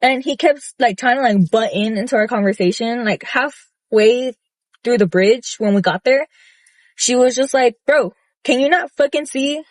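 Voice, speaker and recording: A woman's voice: a little high, moderate pace, dry recording. Blunt young woman ranting, dry sound. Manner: blunt, profane, animated retelling with many fillers. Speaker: vlogger. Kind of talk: casual storytelling rant.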